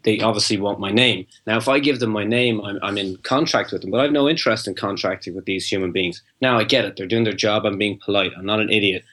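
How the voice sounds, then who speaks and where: A man's voice: lowish voice, fairly bright tone. A man, a guest in an interview, telling a long rambling anecdote and acting out the dialogue, with frequent restarts. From Ireland. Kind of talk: interview storytelling.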